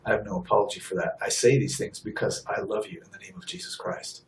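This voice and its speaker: A man's voice: fairly low pitch, very animated, fast, distant mic, poor audio. Blunt, emphatic man preaching. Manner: blunt, emphatic, repeats points for stress. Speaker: street preacher. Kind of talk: impassioned sermon.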